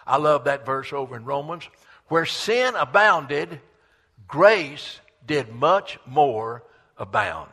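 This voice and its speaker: A man preaching a sermon, impassioned, swelling loud and dropping low, with stammered restarts. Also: animated, slow pace.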